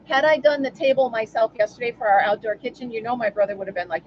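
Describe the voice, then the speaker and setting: A woman's voice: fairly high pitch, fast, lo-fi sound, slight background noise. A woman hosting a casual live stream from home, chatting and answering viewers by name. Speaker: livestream host.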